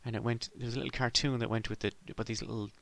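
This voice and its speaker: A man's voice: medium pitch, little pitch movement, racing, creaky. A middle-aged man from Ireland delivering a sardonic, rambling comic monologue as a podcast host.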